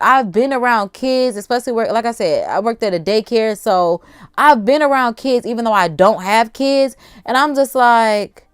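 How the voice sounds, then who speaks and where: A young adult woman hosting a casual livestream, chatty and animated, talking straight to her viewers in slangy asides. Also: a little high, clean tone, no room sound, clean studio sound. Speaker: livestream host.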